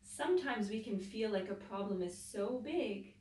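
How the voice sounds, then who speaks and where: A woman teacher reading a picture book aloud to children, pausing to explain things as she goes. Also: medium pitch, slight background noise. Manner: slow, expressive storytelling with explanatory asides. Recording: roomy echo, voice from a distance.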